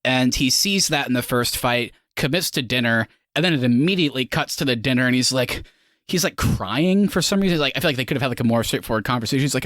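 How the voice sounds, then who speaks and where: Man, mid pitch, casual film chat, rambling, filler-heavy, dry sound. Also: lively intonation, fast talker, fairly bright tone, dry recording. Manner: rambling, heavy on "like", acts out lines from scenes. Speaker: podcast co-host.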